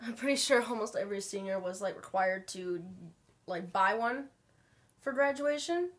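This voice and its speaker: A young woman talking to her camera in her bedroom, telling an emotional story slowly and haltingly while fighting back tears. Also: mid-range voice, expressive. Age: young adult. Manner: halting, slow, many pauses and fillers. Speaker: vlogger.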